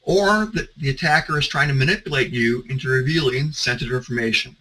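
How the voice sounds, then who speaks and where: Male consultant with a bright, sharp voice, talking through examples in a conversational style. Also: medium pitch, quick pace, poor audio. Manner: conversational storytelling, some restarts. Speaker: security consultant. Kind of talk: presentation talk.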